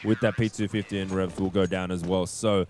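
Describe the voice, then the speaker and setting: A man co-casting an esports match, chatty and quick to laugh as he adds color commentary. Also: low-pitched, slight background noise. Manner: lively, chatty, laughs easily. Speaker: esports co-caster.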